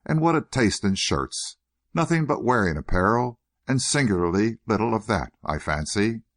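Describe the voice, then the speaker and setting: A smooth, purring older gentleman with a quiet scheming edge, as a man reads him, low in tone but swinging freely up and down. Every line carries polite, faintly mocking warmth. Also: sing-song, moderate pace. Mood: silky. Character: suave, silkily solicitous older gentleman schemer.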